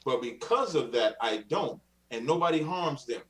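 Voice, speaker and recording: A man's voice: mid-range voice, lively intonation, moderate pace, fairly bright tone, far from the mic, rough recording. A man arguing insistently in a heated live-stream debate, speaking in a preachy, sermon-like way.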